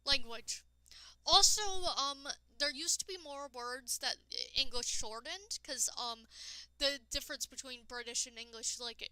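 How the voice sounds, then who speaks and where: A woman streaming a game and chatting casually with her viewers. She talks in a rambling way, addresses chat directly and sounds tired and low-energy. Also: pushed and bright, smooth, dry recording, poor audio. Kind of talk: casual live-stream chat while gaming.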